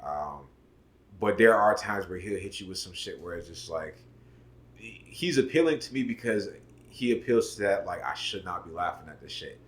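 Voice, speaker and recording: Brief: very deep, relaxed man, casual chat, filler-heavy, volume swings. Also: normal speed. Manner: laid-back, lots of "you know what I'm saying", swings loud and soft. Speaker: podcast co-host.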